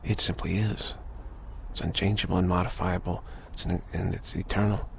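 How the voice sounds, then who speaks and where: A man giving a slow, contemplative spiritual talk, halting and repeating words, his voice rough with early morning. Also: low-pitched, little pitch movement, a little hiss or hum. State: early morning voice, clearing throat. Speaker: spiritual teacher.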